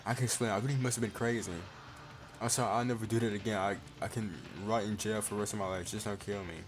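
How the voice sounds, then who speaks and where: A man's voice: fairly low pitch, level tone, quick pace, music in the background, lightly acted. A man reading the lines of a terrified young male athlete who begs for his life. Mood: pleading. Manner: pleading, desperate.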